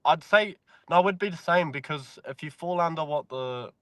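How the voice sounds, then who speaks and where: This New Zealand man, a mine worker appearing as a podcast guest, keeps things laid-back and profane in casual conversation. He speaks at a normal speed in a slightly high voice with a New Zealand accent, recorded without echo.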